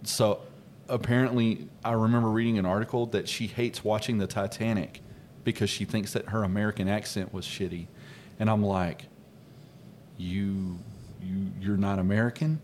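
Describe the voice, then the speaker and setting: A man with a low voice chats casually as a podcast co-host. He rambles and hesitates, leaning on fillers. Faint background noise sits under the recording. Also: fairly even intonation, brisk, darkish tone. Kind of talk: casual chat.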